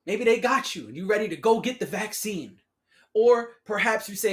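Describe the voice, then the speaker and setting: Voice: mid-range voice, animated, normal speed. A podcast host talking alone in a casual, sarcastic way, using slang, calling listeners "y'all" and laughing at their own remarks. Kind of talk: solo casual podcast commentary.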